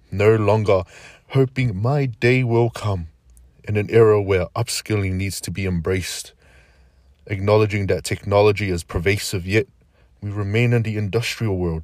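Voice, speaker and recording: A man's voice: on the low side, no echo, clean studio sound. A middle-aged man delivering a reflective spoken-word monologue, earnest and declamatory, slipping in casual slang asides.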